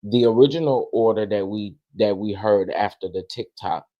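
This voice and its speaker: A man hosting a casual live stream, greeting chat viewers one by one and sounding irritated, with halting restarts. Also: lowish voice, no echo, muffled recording. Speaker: livestream host. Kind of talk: casual livestream commentary.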